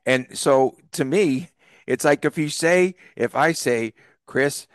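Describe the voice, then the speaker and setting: A man from the East Coast co-hosting a sports podcast, chatting casually and telling animated stories with frequent laughs. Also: on the high side, takes it slowly, clear, resonant tone, dry recording, clean studio sound. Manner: laughs often, animated storyteller. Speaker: podcast co-host.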